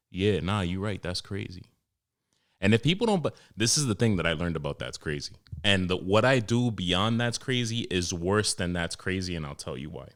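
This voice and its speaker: Profane New man ranting. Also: fairly low pitch. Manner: profane, animated storytelling with mimicked customers. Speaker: podcast host and barber. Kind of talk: casual solo podcast rant.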